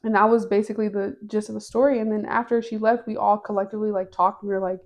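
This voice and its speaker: A woman's voice: medium pitch, flat delivery, fast, a little mellow. A young woman co-hosting a podcast, telling a story in casual chat with lots of slang and swearing. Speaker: podcast co-host.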